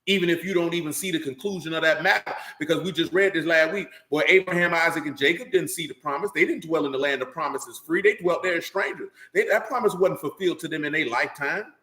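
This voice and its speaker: A man's voice: a little high, fast talker, few pauses, bright, forceful tone. Fiery slangy preacher man, echoey room. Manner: intense, slangy, confrontational. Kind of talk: fiery street-talk sermon.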